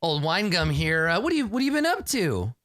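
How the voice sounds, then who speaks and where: A man's voice: on the high side, very animated, brisk, fairly bright tone, no room sound, clean studio sound, pitched above the performer's own voice. A man voicing a smug, condescending male social climber who mocks and shows off, for a tabletop game. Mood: mocking. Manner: mocking, showy.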